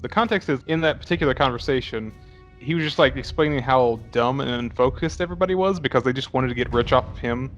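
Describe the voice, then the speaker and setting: A man co-hosting a casual movie podcast, talking rapidly with lots of filler words and casual swearing. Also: mid-range voice, fairly bright tone, dull audio, faint music behind. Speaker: podcast co-host. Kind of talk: casual movie chat over beers.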